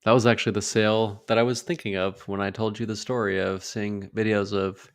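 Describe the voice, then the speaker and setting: A man with a low, gravelly voice drops dry, offhand remarks on a casual podcast. His voice sounds close and dry. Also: level tone, brisk, hardly any pauses, no room sound. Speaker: podcast co-host. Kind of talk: casual chat.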